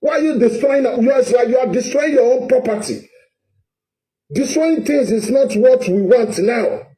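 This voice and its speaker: Nigerian man, high and dark-toned, passionate political vlog rant, echoey room. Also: unhurried. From Edo State, Nigeria. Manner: impassioned, repetitive, stammering restarts. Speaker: vlogger.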